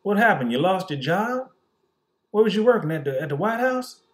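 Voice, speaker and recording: A man's voice: sits high, very animated, moderate pace, pitched above the performer's own voice. A man voicing a smug white Southern man who waves away history, with a put-on Southern accent and a mocking, dismissive manner.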